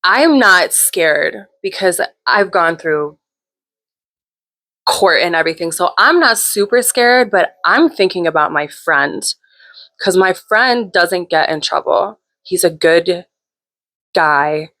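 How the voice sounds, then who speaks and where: A woman's voice: fairly low pitch, lively intonation, slow, pushed and bright. A woman hosting her own show, telling a personal story in a candid, chatty way with plenty of swearing. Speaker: host. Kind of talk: casual storytelling.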